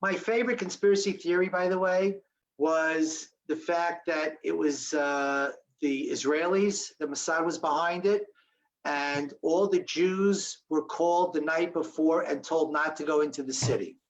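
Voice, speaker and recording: A man's voice: a little high, a little slow, low-quality recording. A man in his sixties speaking as a guest on a video call, telling a story with humor and acting out the voices of the people in it. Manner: animated storyteller who acts out quoted voices with humor. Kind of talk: storytelling talk with Q&A.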